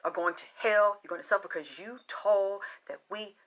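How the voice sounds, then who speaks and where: A woman's voice: medium pitch, moderate pace, a bit bright, natural voice. A woman quoting a harsh, self-righteous preacher mother who scolds and threatens her children. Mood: scolding.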